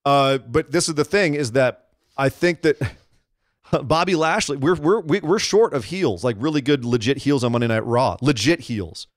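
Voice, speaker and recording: Brief: male podcast co-host, mid-pitched, animated and opinionated, dry close recording. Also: dry recording. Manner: animated, opinionated, quick to act out quotes. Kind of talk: casual wrestling chat.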